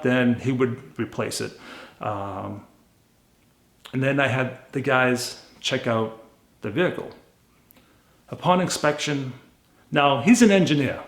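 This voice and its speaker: A man casually telling a story about buying a car, blunt and animated, acting out the back-and-forth of conversations. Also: medium pitch, gravelly. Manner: blunt, animated retelling with quoted dialogue. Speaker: car flipper vlogger. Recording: roomy echo.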